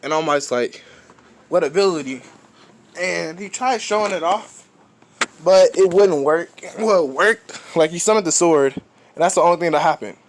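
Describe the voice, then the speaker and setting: A man's voice: a little high, normal speed. A man casually retelling a fan story, rambling, restarting often and swearing offhand.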